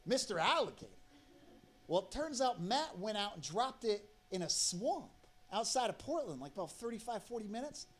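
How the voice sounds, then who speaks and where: A man's voice: high-pitched, sing-song, normal speed, slightly rough. A man telling a rambling, profane story on stage as a stand-up comedian.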